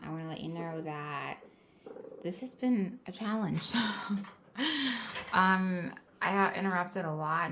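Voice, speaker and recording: In a room lit by a candle, a woman does a casual tarot reading, filmed on her phone camera with a little hiss or hum. Her fairly low voice has vocal fry and a fairly bright tone; she's chatty, encouraging, and says "like" a lot.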